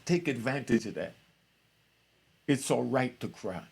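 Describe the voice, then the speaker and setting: A man voicing his loving mother, who pleads gently with her son over a prison phone call, in his own gravelly voice only slightly raised. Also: mid-range voice, expressive, measured pace, heavily acted. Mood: tender, pleading. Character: loving, pleading mother, a middle-aged woman.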